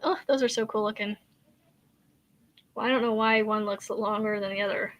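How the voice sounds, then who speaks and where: A woman's voice: medium pitch, steady tone, normal speed. A woman, hosting a casual crochet live chat in a rambling, hesitant way with many fillers and sighs. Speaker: crochet channel host.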